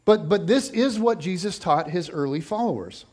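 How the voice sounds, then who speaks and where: A man preaching a sermon, telling the story in a lively, joking way and acting out the people in it. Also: sits high, normal speed. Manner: animated, jokey storytelling with voiced asides. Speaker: pastor.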